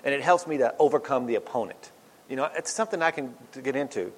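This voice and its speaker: A man's voice: mid-range voice, fast talker. A man giving an informal devotional talk, rambling and chatty with lots of asides and self-mocking humor. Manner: rambling, chatty, with many "you know" asides. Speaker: speaker giving a church devotional. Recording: long hall reverb.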